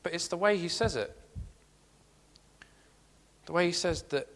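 A man's voice: high-pitched, measured pace, long pauses, fairly bright tone, big-room sound. A man giving a sermon, earnest and repeating his key phrases as he reads scripture aloud. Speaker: preacher.

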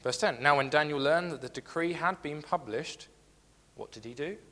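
A man's voice: fairly high pitch, normal speed, a bit bright. Man preaching in an echoing hall. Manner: earnest, repeats key phrases, reads scripture aloud. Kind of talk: sermon.

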